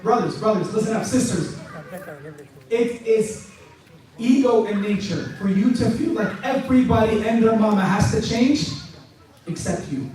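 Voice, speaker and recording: A high-voiced man giving a lively question-and-answer talk to a congregation, sarcastic and joking as he goes, his voice starting to tire. He is picked up from far off in a big echoing mosque hall. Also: moderate pace, long pauses. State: voice tiring.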